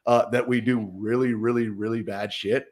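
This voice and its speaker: A man's voice: mid-range voice, steady tone, normal speed, darkish tone. A man in his thirties, a guest journalist, telling stories in a casual podcast conversation and mimicking other people's voices as he goes. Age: 30s.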